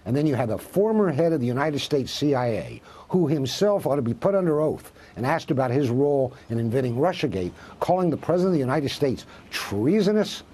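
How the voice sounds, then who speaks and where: A man's voice: medium pitch, very animated, fairly quick, few pauses, dark tone, slightly rough. A man, a professor and guest on a cable news interview, making emphatic points through rhetorical questions.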